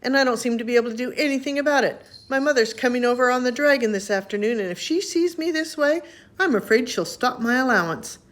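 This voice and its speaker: A woman voicing a blustering, vain male lion with a quick temper, raised and loud. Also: fairly high pitch, voice pushed up, natural voice. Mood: fretful. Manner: loud, shouting, hungry and grumpy.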